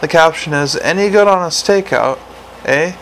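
A man's voice: on the high side, moderate pace, fairly bright tone, slight background noise, rough recording. A man reading the part of a polite, unflappable male butler, speaking formally and deferentially.

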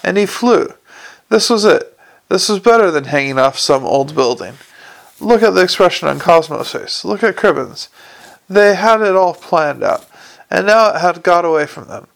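A man narrating a comic fantasy audiobook in a lively, expressive reading. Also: high voice, moderate pace, gravelly. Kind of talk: scripted narration.

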